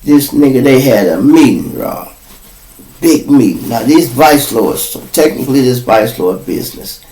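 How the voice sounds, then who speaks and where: A man with a Chicago accent, hosting his own podcast, tells a jail story in an animated storytelling way, acting out other voices and breaking into laughs and shouts. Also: medium pitch, normal speed. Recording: roomy echo.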